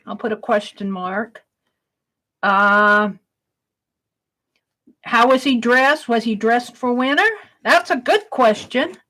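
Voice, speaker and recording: A woman hosting an art livestream, slowly reading out her viewers' questions one by one and praising them as she writes them down. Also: fairly high pitch, pushed and bright. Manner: slow, reads out each viewer question and praises it.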